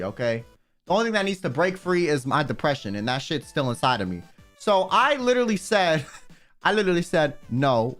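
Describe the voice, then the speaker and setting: A young man chatting casually on a livestream, telling a story with lots of swearing and sudden high yelps. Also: fairly bright tone. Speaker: streamer. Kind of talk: casual stream chat.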